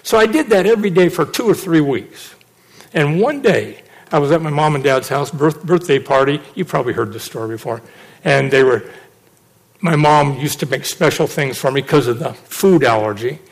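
A middle-aged man with a slightly high voice preaches at a moderate pace, sharing a personal testimony. His storytelling is animated, and he acts out the people he quotes.

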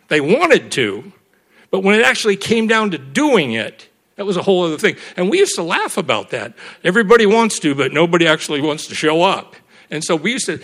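A middle-aged man, a pastor, preaching a sermon and closing in prayer, swinging from hushed words to loud exclamations. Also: high-pitched, very animated, a little fast.

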